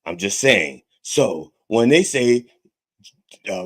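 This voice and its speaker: A man's voice: on the low side, lively intonation, unhurried. A man hosting a podcast in the persona of a reverend, delivering a profane comedic rant and tagging his points with a repeated okay. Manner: profane, repetitive, keeps asking okay. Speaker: podcast host styled as a reverend.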